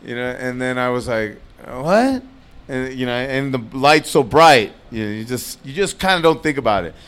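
A man's voice: mid-range voice, a little fast, smooth. A man, a stand-up comedian, telling a fight story on a live podcast, acting out the voices and swearing freely. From Latino. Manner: animated, acts out both sides of the story, swears freely. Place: bar stage at a comedy festival, live audience.

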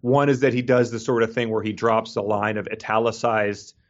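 A man's voice: on the low side, flat delivery, a little fast, muffled recording. A man co-hosting a podcast in casual chat, talking with many fillers and restarts and laughing often. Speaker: podcast co-host. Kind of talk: casual chat reviewing a book.

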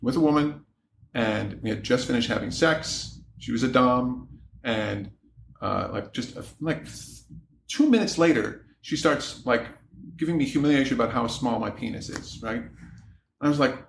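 A man talking candidly as a podcast guest, telling his story in an animated way and loudly acting out his exasperation. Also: medium pitch, moderate pace, creaky, reverberant, a little hiss or hum. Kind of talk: candid casual chat.

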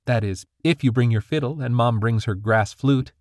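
A man doing a high, eager young sprite girl. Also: moderate pace, a little mellow, no room sound, studio quality, natural voice. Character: young sprite girl, earnest, playful, mischievous.

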